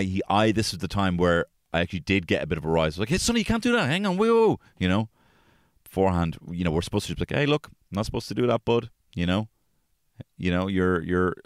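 A podcast host tells casual stories about his family, swearing freely and staying animated throughout. When he quotes people, he jumps into a high-pitched voice to act them out. The recording is dry and clean, with studio sound.

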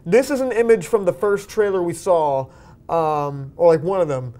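A man's voice: sits high, moderate pace, warm tone. A young man co-hosting a movie podcast, chatting casually and rambling with lots of fillers. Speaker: podcast co-host. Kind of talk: casual chat.

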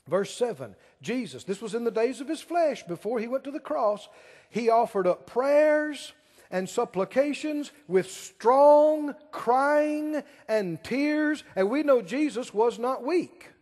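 A male pastor delivers a sermon in a high, swooping voice with lively intonation that rises and falls dramatically, a little mellow in tone. He takes his time at a measured pace, stretching out key words and throwing questions at the congregation. A long echo from a large hall fills the sound.

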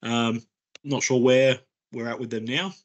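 A man's voice: medium pitch, fairly even intonation, measured pace. A man co-presenting a webinar, answering in brief, matter-of-fact remarks.

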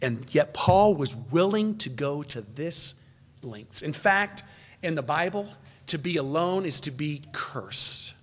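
A male pastor delivers an earnest expository sermon in a fairly high voice. He swings from loud, rising emphasis down to low, quiet asides, and sometimes stops to correct himself mid-sentence. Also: animated, takes it slowly. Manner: rises in pitch and volume for emphasis, then drops low and quiet.

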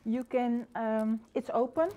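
Mellow, hesitant middle-aged woman. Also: on the high side, measured pace. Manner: relaxed, hesitant, many ums. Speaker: floristry student and shop owner. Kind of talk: casual presentation of her work. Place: floristry classroom.

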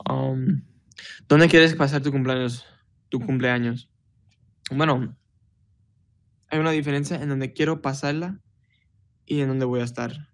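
A young man hosting a casual livestream from his phone, answering fan comments in a relaxed, chatty way with lots of fillers. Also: medium pitch, a little slow, long pauses. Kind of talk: casual livestream chat, switching between Spanish and English.

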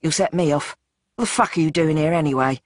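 A woman's voice: low-pitched, fast talker, dry recording, clean studio sound. A reader putting on a brash, boozy woman. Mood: mocking, offhand. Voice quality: coarse, swearing, offhand. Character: drunk, brash young woman camp leader.

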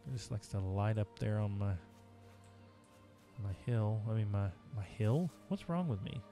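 A man with a mellow, low-leaning voice streams a video game and chats casually with viewers at normal speed, sounding animated. Music plays behind him.

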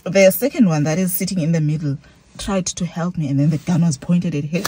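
A woman's voice: lowish voice, a little fast, warm tone, slight background noise. A young South African woman with a Xhosa accent tells a story to her vlog, mixing English and Xhosa and acting out her own reactions. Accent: South African, Xhosa-speaking. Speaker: vlogger. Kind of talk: casual storytelling.

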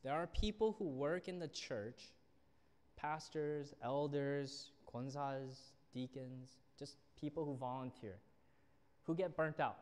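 A young youth pastor speaks at a slow pace in a fairly high, slightly mellow voice, delivering a sermon with stories where he voices the characters. The recording has a church hall's long reverb.

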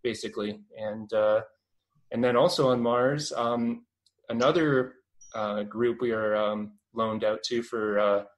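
A man's voice: fairly low pitch, steady tone, measured pace, poor audio. A man in his twenties with a Canadian accent, a guest in a casual radio interview, rambling and full of fillers and restarts. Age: 20s.

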